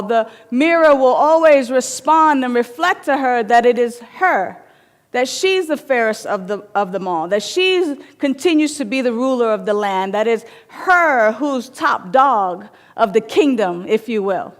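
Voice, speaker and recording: A woman's voice: on the high side, lively intonation, a little slow. A woman minister giving a playful, storytelling sermon in a spiritual center. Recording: long hall reverb.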